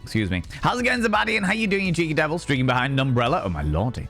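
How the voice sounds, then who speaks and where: Chatty, cussing streamer. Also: male voice, fairly high pitch, sing-song, racing, soft background music. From Yorkshire, England. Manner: chatty and swearing, greets viewers warmly by name. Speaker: livestream host. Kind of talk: casual live-stream chat.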